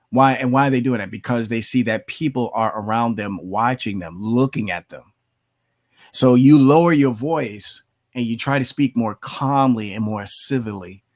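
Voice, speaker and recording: A man hosting his own channel, arguing heatedly against critics while commenting on a video, often mocking them in quoted asides. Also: medium pitch. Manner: argumentative, heated, repetitive asides; mocks opponents in put-on quotes. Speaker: channel host.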